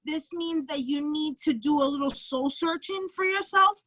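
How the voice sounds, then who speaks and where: A woman's voice: high-pitched, normal speed, sharp tone, dry recording, poor audio. A woman with a Bronx New York accent giving a casual, blunt tarot reading, often checking in with "okay?" and swearing freely. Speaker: psychic tarot reader. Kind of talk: tarot reading on a live stream.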